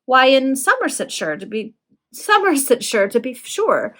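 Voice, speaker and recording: A woman's voice: high voice, very animated, measured pace, fairly bright tone, voice pushed up, full character voice. Woman voicing a boastful young lord, hearty, blustering.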